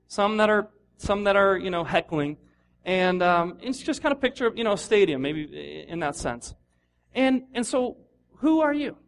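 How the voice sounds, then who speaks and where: A middle-aged male pastor with a high voice delivers a relaxed, conversational sermon. He talks casually with lots of restarts and slips into lively little voices for the people in his examples. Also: a little hiss or hum. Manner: conversational, animated, acts out voices of runners.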